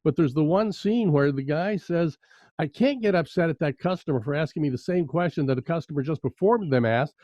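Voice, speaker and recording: A man's voice: on the high side, brisk, mellow, no room sound. A man chatting in a casual interview, an enthusiastic, emphatic storyteller. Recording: dry, slightly dull sound.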